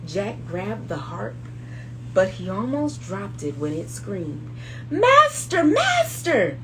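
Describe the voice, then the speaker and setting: A woman hosting children's circle time, reading a storybook aloud slowly and expressively, hushed at calm moments. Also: fairly low pitch, a little hiss or hum, poor audio.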